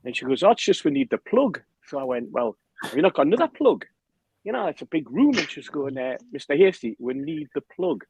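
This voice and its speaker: A man telling a lively anecdote on a podcast, acting out the other people's lines. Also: on the high side, fairly quick, breathy edge, dry recording, rough recording. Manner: animated storyteller, acts out quotes, laughs often. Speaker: podcast guest telling a story. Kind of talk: casual anecdote.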